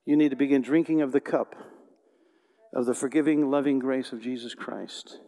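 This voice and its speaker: A man preaching a sermon in a church, swinging from hushed, tender lines to loud, emphatic bursts. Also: a little high, normal speed. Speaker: pastor. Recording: long hall reverb.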